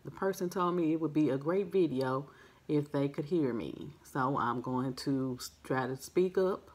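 Woman, low voice, soft-spoken, casual mukbang chat, friendly, no microphone. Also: measured pace, husky. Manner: friendly, chatty, addresses viewers as family. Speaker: mukbang host. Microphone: no microphone, device's built-in mic.

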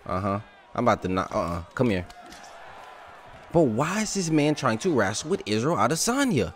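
A young man giving casual, excitable commentary over his own gameplay, trash-talking and laughing at the game. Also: mid-range voice, moderate pace. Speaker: gaming YouTuber.

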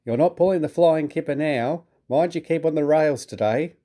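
A man's voice: a little high, moderate pace, mellow, voice pushed up, lightly acted. A man voicing a pompous, proud male steam engine who talks in a huffy, indignant way in a storybook reading.

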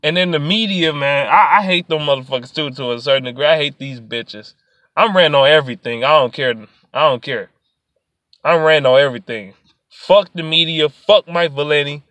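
A high, bright-voiced man rants angrily about sports, cursing freely and lurching from low mutters to loud outbursts. The sound is close and dry, with no room around it. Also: fairly quick, no echo. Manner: angry, profane, swings from muttering to shouting. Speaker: sports vlogger. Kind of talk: profane sports rant.

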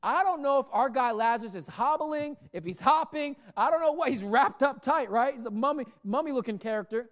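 In a church sanctuary, a pastor preaches a sermon into a microphone, his loud, projecting voice swinging between big declarations and soft asides. He sounds very high-pitched and animated, speaking fairly quickly with hardly any pauses.

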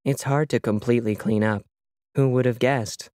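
A man voicing a sinister smart-home AI that speaks smoothly and politely with a quiet menace, in a storytelling podcast. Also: mid-range voice, steady tone, moderate pace, dry recording, clean studio sound, natural voice. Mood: falsely cheerful.

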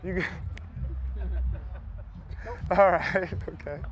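Very high-voiced joking young football player. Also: male voice, steady tone, very slow. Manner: loud, joking, teasing trash talk. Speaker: pro football wide receiver. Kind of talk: mic'd up banter at practice. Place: outdoor football practice field. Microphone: wireless body mic.

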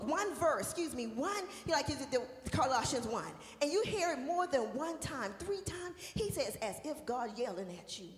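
A woman preaches with a high voice that swoops up and down. She moves between shouted, sung praise and quiet, close talk. The sound carries a long echo of a hall, with faint music behind her. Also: sing-song, normal speed, hardly any pauses. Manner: shouts and sings out praise, then drops to a soft conversational tone. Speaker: minister. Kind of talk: sermon.

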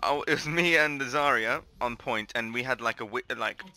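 A man chatting casually in game voice chat, animated and dryly funny, swearing freely. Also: mid-range voice, moderate pace. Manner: animated, swearing, dry humour. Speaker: gamer in voice chat.

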